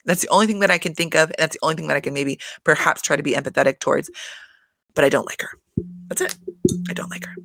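A woman's voice: sits low, steady tone, fast, creaky, long pauses, a bit bright, dry recording. A woman hosting a casual reality TV recap, chatty and profane, full of fillers and exasperation.

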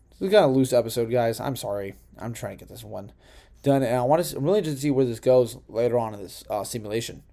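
Young male podcast host, mellow tone, rambling and profane, self-correcting, uneven home recording. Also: mid-range voice, vocal fry. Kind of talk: casual solo sports podcast.

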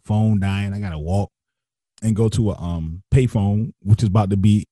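A guest shares a personal story in a husky, dark voice at normal speed, his pitch leaping high whenever he acts out what other people said. He keeps restarting sentences and slips into slang. The recording is close and dry, with no room sound.

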